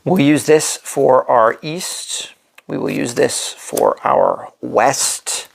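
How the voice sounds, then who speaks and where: A man's voice: medium pitch, gravelly. A man hosting a board game channel, talking himself through a solo playthrough as he places pieces. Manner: slow, thinking aloud while placing pieces.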